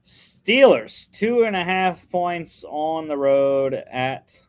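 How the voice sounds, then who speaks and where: A man's voice: fairly high pitch, lively intonation, slow, clean tone. A young man co-hosting a casual sports podcast, chatting through his football picks with lots of fillers and restarts.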